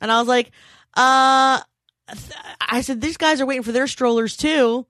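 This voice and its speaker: A woman's voice: a little high, fairly quick, no echo, studio quality. Chatty, swearing woman podcast host. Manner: chatty storyteller, swears freely. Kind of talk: casual chat.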